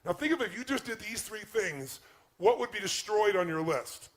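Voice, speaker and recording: A man's voice: high-pitched, animated, normal speed, a bit bright. A man giving an emphatic motivational talk on relationships, acting out quoted speech. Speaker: motivational speaker.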